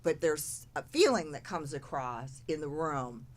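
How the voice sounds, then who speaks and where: A woman hosting a podcast in casual chat, speaking softly and with sympathy. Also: deep voice, lively intonation, unhurried. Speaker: podcast host.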